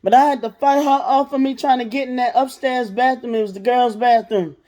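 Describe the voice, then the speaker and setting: A young adult woman telling a profane, animated storytime rant as a vlogger, laughing and acting out voices. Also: a little high, fairly quick.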